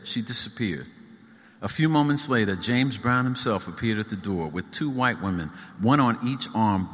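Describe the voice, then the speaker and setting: A man reads his own prose aloud at a live event, his delivery rhythmic and emphatic. His voice sits in a middle pitch with a bright edge. The room adds a long reverberant tail. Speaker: author reading his own book. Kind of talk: live book reading. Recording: echoey hall.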